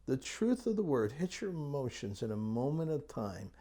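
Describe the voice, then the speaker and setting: A middle-aged man of ordinary, middle pitch tells personal stories of faith as a ministry teacher. His delivery is earnest and storytelling, and at times he sinks into a soft whisper. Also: big pitch swings, normal speed. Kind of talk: personal testimony talk.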